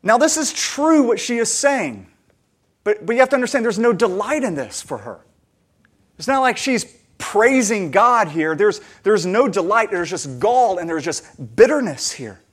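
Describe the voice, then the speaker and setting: An earnest male pastor preaching with a slightly higher voice. He talks conversationally with fillers and restarts, then presses toward emphatic, louder stretches. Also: very animated, normal speed. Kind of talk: sermon.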